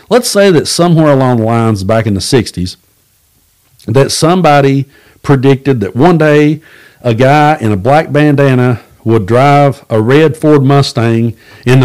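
A man from hosts his own podcast and tells stories in a relaxed, plainspoken way. He is blunt, curses without a second thought, and slips into the voices of the people he quotes. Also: mid-range voice. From Southeast Kentucky. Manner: folksy, blunt, swears freely, acts out quoted voices. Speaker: podcast host. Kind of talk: casual storytelling monologue.

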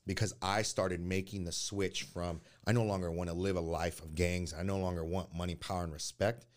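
Deep-voiced man telling his life story. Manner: candid and earnest, with halting restarts. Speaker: podcast guest. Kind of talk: personal life story in conversation.

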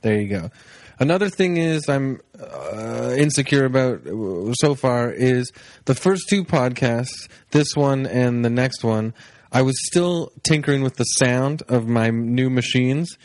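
A man hosting a casual podcast, his voice sleepy and unhurried as he wanders between thoughts with plenty of ums. He sits at a middling pitch and is recorded dry and close, with no room echo. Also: lively intonation, darkish tone. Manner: sleepy-sounding, laid-back, rambling with fillers. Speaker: podcast host. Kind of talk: casual rambling podcast intro. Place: home, on his couch.

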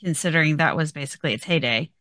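A chatty woman podcast host with a bright, forceful voice, telling stories in an animated way and laughing often. Her sound is dry and close, with little room around it. She keeps things casual and easygoing. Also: low-pitched, fast talker, no room sound. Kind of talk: casual chat.

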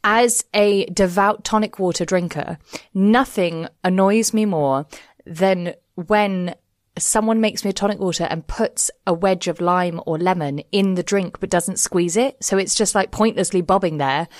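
A woman's voice: mid-range voice, unhurried, dry recording, studio quality. A young woman co-hosting a podcast in casual chat, wry and self-mocking, laughing often. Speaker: podcast co-host.

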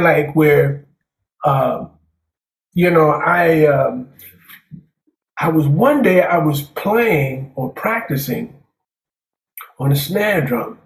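This jazz drummer, a guest in a casual interview, speaks slowly with long pauses in a fairly high, animated voice. He rambles through his stories, repeating words and saying "man" often, in an echoey room.

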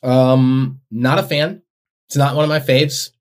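A man co-hosting a podcast in casual chat, excitable and quick to laugh, swearing casually. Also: mid-range voice. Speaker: podcast co-host.

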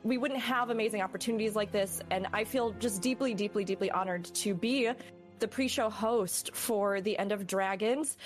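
A woman's voice: mid-range voice, normal speed, faint music behind. A woman guest on a casual podcast chat, effusive and earnest, with some teasing. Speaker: podcast guest and content creator.

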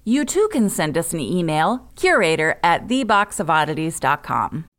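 A woman's voice: low voice, very animated, normal speed, fairly bright tone, soft background music. A woman co-hosting a podcast, reading listener mail aloud in a chatty way and laughing between lines. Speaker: podcast co-host.

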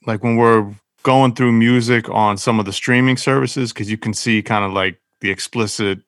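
A man's voice: on the low side, fairly even intonation, normal speed, a bit bright, dry recording, clean studio sound. A man in a casual podcast chat, asking questions in an easygoing way. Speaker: podcast co-host.

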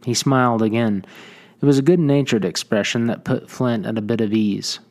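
A man reading a western short story aloud in measured audiobook narration. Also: mid-range voice, a little mellow.

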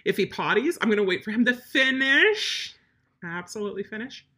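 Brief: woman dog trainer, bright forceful tone with a husky edge, no-nonsense Q&A delivery. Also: on the high side, animated, normal speed. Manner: blunt, emphatic, matter-of-fact. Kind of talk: live Q&A advice on dog training.

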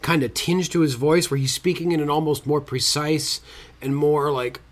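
A man's voice: on the high side, fairly even intonation, moderate pace. A man co-hosting a podcast, chatting casually about a film in a brash, joking way and swearing freely. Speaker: podcast co-host. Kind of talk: casual film review chat.

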